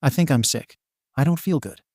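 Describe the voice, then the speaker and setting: A man's voice: a little high, normal speed, darkish tone, no room sound, clean studio sound. A man voicing a sick, exhausted, meek teenage boy with a weak, tired delivery. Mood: weary.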